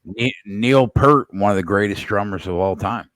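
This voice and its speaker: Man, very low voice, dry close sound, blunt, swears, mock-dramatic, casual podcast chat. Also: normal speed, a bit bright, no room sound.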